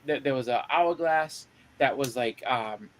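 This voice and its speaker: A man chatting casually on a podcast, excitedly retelling movie scenes and acting out the characters' lines. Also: medium pitch, unhurried, slight background noise. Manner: animated storyteller who acts out movie scenes. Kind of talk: casual chat.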